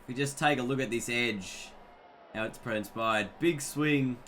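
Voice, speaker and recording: A man's voice: medium pitch, a little slow, a bit bright, slight background noise. A young man giving chatty, self-mocking commentary on his own gameplay. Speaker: gaming YouTuber.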